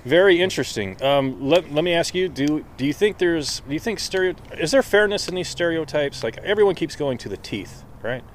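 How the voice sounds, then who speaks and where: Lively, animated American man interviewing on the street. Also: a little high, a little hiss or hum. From United States. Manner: playful, mock-grand, quick to laugh. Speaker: street interviewer, podcast correspondent. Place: outdoors on a street.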